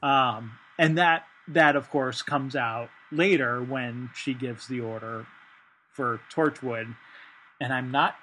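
A man's voice: mid-range voice, slow pace, bright, forceful tone. A man co-hosting a casual discussion, thinking aloud with frequent fillers and restarts. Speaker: podcast co-host.

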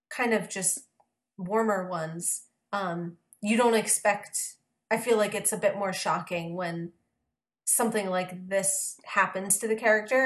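A woman co-hosting a casual discussion, thinking aloud and hedging her points. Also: medium pitch. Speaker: podcast co-host.

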